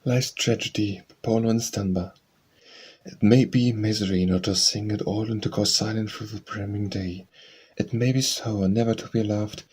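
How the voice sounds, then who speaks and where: A man's voice: fairly low pitch, a little mellow, a little hiss or hum. A man reading poems aloud for an audiobook, reciting dialect verse in a rhythmic sing-song. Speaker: audiobook reader.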